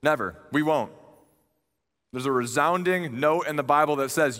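A man's voice: mid-range voice, animated, measured pace, a bit bright. A young man preaching a sermon in a conversational, earnest way, retelling a story with animation. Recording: long reverb of a large hall.

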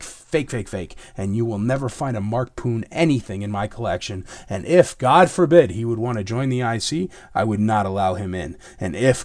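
A man hosting a casual chat answering viewer questions, his voice hoarse and raspy from illness, rambling with many fillers and turning emphatic. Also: on the low side, a little mellow, dry recording, studio quality. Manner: rambling, many fillers, gets heated and emphatic about fakes.

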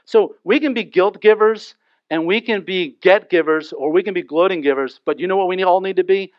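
A male pastor preaching a sermon in a church. He talks in a lively way and acts out small scenes and quotes with humor. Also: high-pitched, brisk, no echo. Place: church sanctuary. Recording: dull lo-fi dry recording.

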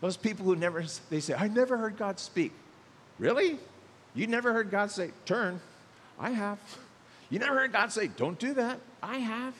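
A middle-aged male pastor preaching a sermon in a lively way, acting out the voices he quotes. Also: sits high, normal speed, in a large hall, slight background noise.

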